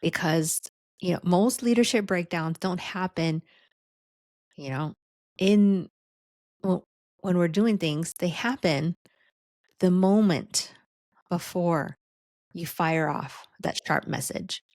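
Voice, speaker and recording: A woman hosts a podcast and teaches leadership in an easy, chatty way, often tossing in "right?" and "like". Her voice sits low and she takes her time with each phrase. The recording is close and dry. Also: slow pace, long pauses, darkish tone, dry recording. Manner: conversational, frequent "right?" and "like". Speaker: leadership coach and podcast host.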